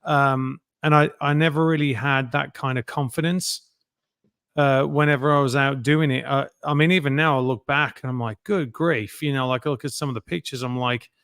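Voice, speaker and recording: A man's voice: mid-range voice, steady tone, moderate pace, a bit bright, smooth, dry recording, clean studio sound. A man in his fifties with an English Midlands accent, a guest talking candidly and self-deprecatingly in a casual interview. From England, near Birmingham. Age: 50s. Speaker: guest, actor.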